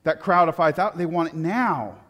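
A man preaching a sermon, telling stories with lively swings from loud excitement to quiet reflection. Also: fairly high pitch, fairly quick, in a large hall. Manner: animated storytelling, rising loud for anecdotes, dropping soft for reflection. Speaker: pastor.

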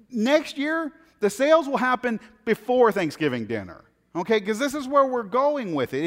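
A man preaching a sermon, telling funny everyday stories in a chatty, animated way. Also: high voice. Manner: conversational, animated, self-deprecating anecdotes. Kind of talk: sermon with humorous storytelling. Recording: long hall reverb.

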